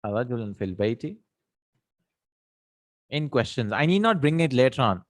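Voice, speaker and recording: A man's voice: medium pitch, sing-song, moderate pace, dry recording, clean studio sound. A man teaching Arabic grammar in English, explaining step by step, asking and answering his own questions, and dropping Arabic terms into his speech. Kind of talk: live online grammar lesson.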